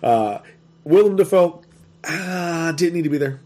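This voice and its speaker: A man's voice: on the high side, expressive, unhurried, a little mellow. A man in casual, profane conversation reviewing a movie, laughing often and talking with animation.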